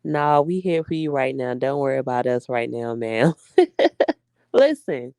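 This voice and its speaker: A woman's voice: very deep voice, animated, normal speed, a little mellow, smooth, no room sound, clean studio sound. A young woman venting to her viewers in a casual, emphatic heart-to-heart, addressing them as y'all. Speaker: vlogger.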